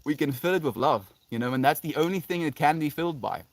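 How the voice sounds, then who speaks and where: A man's voice: fairly high pitch, expressive, quick pace, dry recording. Dreamy South African man streaming. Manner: dreamy, spiritual musing, laughs often. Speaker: live streamer. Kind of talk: casual live-stream chat, reading comments.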